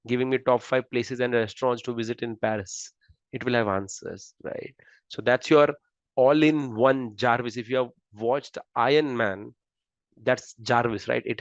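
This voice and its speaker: A man with an Indian accent talks an audience through his slides, keeping it loose and asking "right?" after nearly every point. His voice sits at an ordinary pitch. The recording is dry and a touch dull, with little room sound and a slightly muffled top end. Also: no room sound. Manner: conversational, keeps asking "right?". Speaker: lecturer. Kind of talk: presenting a lecture with slides.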